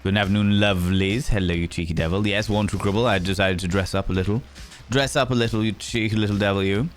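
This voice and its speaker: With a lowish voice, fairly flat intonation, and quick pace, an English livestream host with a Yorkshire accent chats casually and ribs viewers while reading their messages, calling them cheeky devils. Soft music sits in the background.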